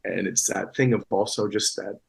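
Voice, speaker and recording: Husky guy rambling thru an interview, lots of ums and restarts. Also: lowish voice, fairly even intonation, moderate pace, low-quality recording. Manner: rambling, many restarts and fillers. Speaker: actor guest. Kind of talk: casual interview chat.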